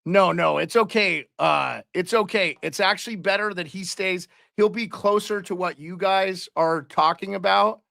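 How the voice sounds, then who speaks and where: A man's voice: high voice, moderate pace, creaky, hardly any pauses, bright, forceful tone, no room sound, clean studio sound. A man hosting a casual live hockey stream, chatting loosely and calling out viewers and their locations. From Canada.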